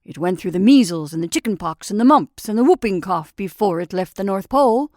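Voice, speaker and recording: A woman voicing Santa Claus as a brisk, hearty old man in a storybook reading. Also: mid-range voice, lively intonation, no echo, studio quality, lightly acted. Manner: loud, hearty, hurried.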